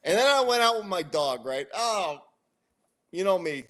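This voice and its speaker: A middle-aged man with a slightly high voice tells a story on a podcast. He rants, swears often and keeps the story moving with animated energy. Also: normal speed. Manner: profane, animated ranting storyteller. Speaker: podcast co-host. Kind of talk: casual chat, storytelling.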